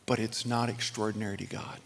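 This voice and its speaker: Animated pastor in a reverberant hall. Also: male voice, lowish voice, brisk, vocal fry. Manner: conversational, animated storytelling with chuckles and restarts. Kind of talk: sermon.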